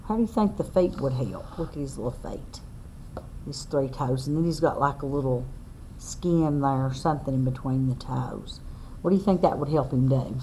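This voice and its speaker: Reading a picture book to young children, this teacher has a warm, rumbling low voice and a slow, sing-song delivery. She poses questions to the class along the way, and a slight hiss or hum sits under the audio.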